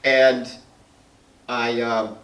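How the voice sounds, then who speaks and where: Speaking very slowly in a mid-range, slightly bright voice with little pitch movement, the middle-aged man addresses his audience as a guest speaker and painter. His personal stories come out chatty, full of laughter and acted-out quotes. A far-off mic makes it sound roomy.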